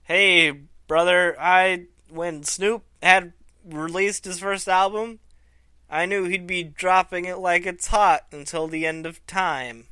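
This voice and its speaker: A corny, boastful aging wrestling star, as a man puts him on, drawling his lines out slowly. The voice sits fairly high, bright and sharp. It is close and dry, with no room sound. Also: fairly even intonation, clear, resonant tone, no echo, full character voice. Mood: mocking.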